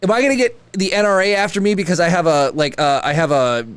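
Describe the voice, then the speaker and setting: A man's voice: high voice, fast talker, a bit bright, clean tone, no echo. A man co-hosting a podcast in casual, curious chat. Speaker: podcast co-host.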